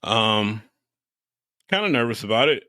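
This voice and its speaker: Male co-host, relaxed and profane, bright tone, low-ish pitch. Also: measured pace, no echo, studio quality. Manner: laid-back, swears freely, laughs often. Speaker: podcast co-host. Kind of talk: casual chat.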